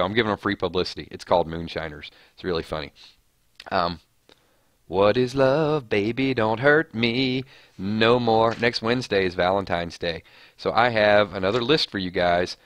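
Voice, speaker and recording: A man's voice: deep voice, a bit bright, no room sound, clean studio sound. A man hosting a casual live stream, chatting and joking as he reads viewer comments. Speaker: livestream host. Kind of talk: casual chat.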